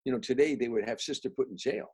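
A man's voice: mid-range voice, fast, slightly rough, low-quality recording. An older man from the Chicago area, a guest comedian telling rambling personal anecdotes with many restarts and repeated words. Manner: restarts, repeats words, grows soft and reflective.

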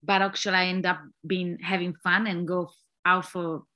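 A woman from Italy with an Italian accent, an actress answering interview questions, often pausing to search for words. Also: on the low side, level tone, pushed and bright. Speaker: actress, guest.

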